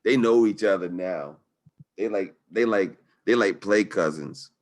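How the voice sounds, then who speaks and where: A man's voice: on the low side, measured pace. A man hosting a live webinar over a video call, talking in an upbeat, slangy, hyped-up way. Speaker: webinar host. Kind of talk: live webinar sales talk.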